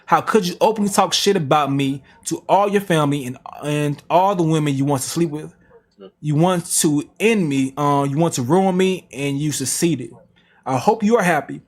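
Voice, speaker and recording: A man's voice: a little high, normal speed. A man reading text messages aloud on a reaction stream, with slangy asides. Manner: plain reading broken by slang asides and laughs.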